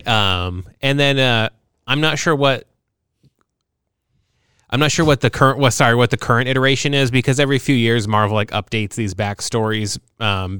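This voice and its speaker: This man co-hosts a podcast, rambling through casual conversation full of fillers and crude humor. He speaks at a moderate pace with a fairly low pitch, a steady tone, and a fairly bright, clear, resonant sound. Audio is dry and cleanly studio-recorded.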